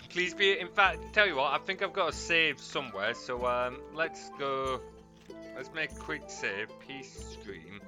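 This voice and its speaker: A man's voice: medium pitch, animated, measured pace, music in the background. A man casually commentating a strategy game stream, chatting to viewers and laughing often.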